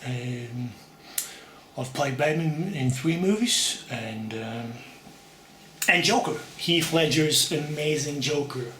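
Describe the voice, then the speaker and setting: A man doing a gruff, put-on British accent. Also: fairly high pitch, animated, takes it slowly, pushed and bright, voice pushed down, heavily acted. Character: brooding masked male vigilante actor, gruff. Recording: echoey room, faint background hum.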